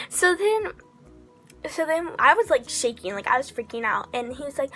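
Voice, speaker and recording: A woman vlogger telling a casual, excitable story, full of "like" fillers and slipping into whispers for asides. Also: high voice, measured pace, long pauses, faint music behind. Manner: chatty, heavy use of 'like' fillers.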